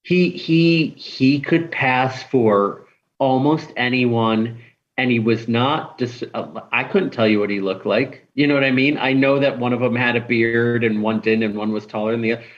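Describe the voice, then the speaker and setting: A middle-aged man speaks as a podcast guest and rambles, stumbling and restarting his sentences. His pitch sits mid-range. The audio is dull and lo-fi. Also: normal speed. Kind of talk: casual chat.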